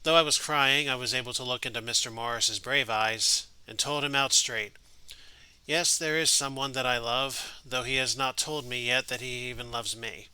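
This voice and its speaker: A man's voice: mid-range voice, fairly even intonation, normal speed, pushed and bright, clear, resonant tone, no echo, poor audio. A man reading aloud the letters of a gushing young woman from a game, in his own voice.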